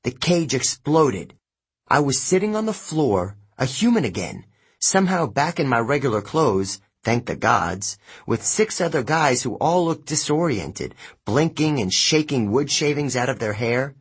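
A man narrating an audiobook in the first person, expressive and unhurried. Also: medium pitch, breathy edge.

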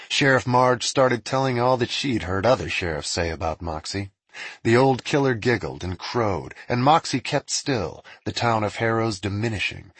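A man narrating a storybook with an expressive reading. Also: mid-range voice, husky, no echo.

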